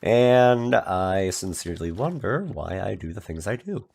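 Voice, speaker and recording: A man's voice: low-pitched, very animated, moderate pace, gravelly, slightly rough. A man streaming and chatting casually, rambling with lots of filler words and restarts. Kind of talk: casual chat.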